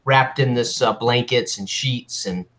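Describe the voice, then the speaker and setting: A man's voice: mid-range voice, unhurried, fairly bright tone. A man describing his character's actions at a tabletop game, stopping now and then to find words. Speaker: player. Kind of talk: tabletop role-play.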